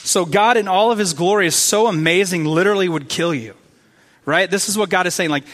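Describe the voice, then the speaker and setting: High-voiced man preaching casually. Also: fairly quick, fairly bright tone. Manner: conversational, enthusiastic, many fillers and repeats. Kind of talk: casual sermon.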